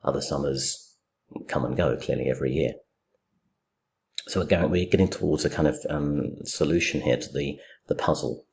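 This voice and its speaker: Very deep-voiced male literature teacher. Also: normal speed, vocal fry, a little mellow. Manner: thinking aloud, frequent fillers and restarts. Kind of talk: recorded lecture, poetry commentary.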